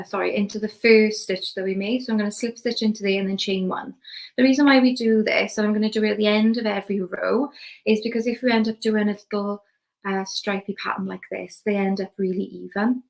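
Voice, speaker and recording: A young Welsh woman teaching crochet step by step, chatty and relaxed as she works with her hands. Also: medium pitch, vocal fry, poor audio. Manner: relaxed, chatty, talks while working with hands. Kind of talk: step-by-step craft demonstration.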